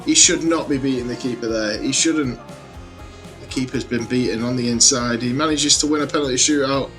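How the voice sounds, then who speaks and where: A man narrates his football video game series as lively play-by-play, bursting into excited shouts at the goals. His voice sits in the middle range. Soft background music plays under him. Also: mid-range voice, fairly quick. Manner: energetic, exclamatory play-by-play. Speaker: gaming YouTuber.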